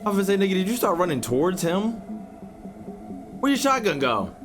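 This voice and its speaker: A man streaming his reaction to a video, loud, profane and mocking. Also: sits high, sing-song, fairly quick, over music. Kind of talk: reaction commentary.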